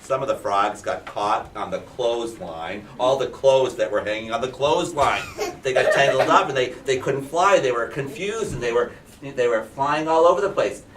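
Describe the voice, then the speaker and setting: Animated male kindergarten teacher telling a story. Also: mid-range voice, slight background noise. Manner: animated, questioning, prompting children. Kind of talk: read-aloud storytelling to young children. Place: classroom. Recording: roomy classroom from a distance.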